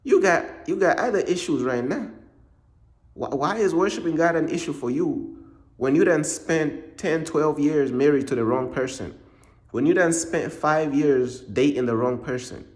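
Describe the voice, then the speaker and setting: A man's voice: fairly high pitch, moderate pace. A man preaching in a casual monologue, blunt and repetitive, full of street slang.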